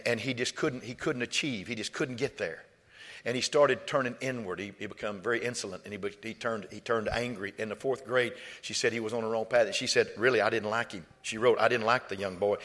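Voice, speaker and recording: A male preacher, delivering a sermon through stories. He repeats his words and swings from soft storytelling to loud, high exhortation. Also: in a large hall. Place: church.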